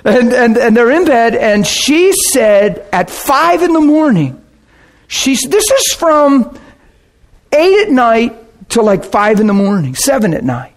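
A middle-aged man preaching and telling a story as a pastor, animated, jumping into shouts when he gets worked up. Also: very high voice, takes it slowly. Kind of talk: sermon storytelling.

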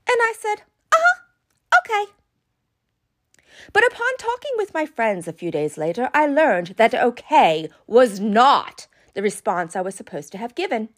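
Playful woman vlogger, casual storytelling, high pitch and very lively delivery. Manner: playful, chatty, addresses viewers as "love bugs". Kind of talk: casual storytelling monologue to camera.

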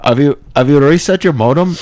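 A man playing a calm, scripted male customer service agent with an Indian accent, politely insisting he is there to help. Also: a little high, a little fast, close to an everyday voice.

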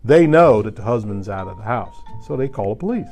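A man casually telling a story to a listener, animated and chuckling, getting louder at the tense moments. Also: lowish voice, brisk, soft background music.

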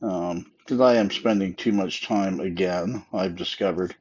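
A man's voice: low-pitched, a little slow, darkish tone, slightly rough, highs cut off. A sleepy man talking on a casual solo podcast, yawning and rambling with many fillers. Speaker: podcast host.

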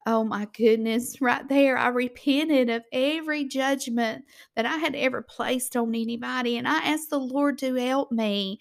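A woman's voice: high-pitched, unhurried, vocal fry. A middle-aged woman with a Southern accent, telling a heartfelt personal testimony and acting out the voices of the people in it. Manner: heartfelt, animated, acts out voices.

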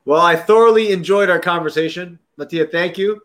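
A man hosting a podcast, relaxed and joking, with quick short replies in a casual interview. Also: high-pitched, crowd noise. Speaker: podcast host.

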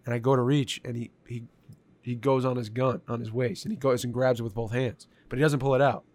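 A man telling a story in casual conversation, animated and profane, with lots of filler words. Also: mid-range voice, fairly quick.

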